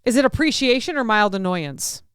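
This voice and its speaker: Woman host, animated talker who acts out lines, fairly high voice, dry close mic. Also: brisk, clear, resonant tone, no echo. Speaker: podcast host. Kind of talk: casual chat.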